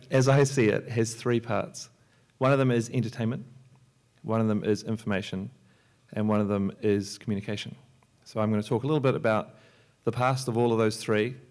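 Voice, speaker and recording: A man, a software entrepreneur and filmmaker, giving a loose, joking talk on a library panel, with many restarts and fillers. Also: lowish voice. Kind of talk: conference talk. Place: lecture hall at a library.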